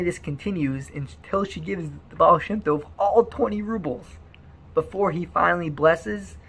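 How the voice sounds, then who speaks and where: Gravelly-voiced male storyteller. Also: on the high side. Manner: animated, repeats words often.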